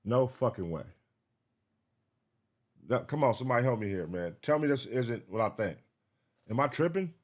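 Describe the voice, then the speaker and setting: A man giving live reaction commentary, excitable, swearing and thinking aloud as he searches. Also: medium pitch, normal speed, pauses often. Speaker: reaction streamer.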